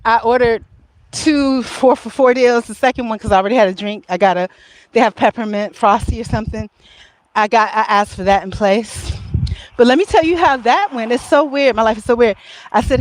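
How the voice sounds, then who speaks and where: A woman vlogging casually, telling a rambling story and laughing often as she talks. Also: a little high.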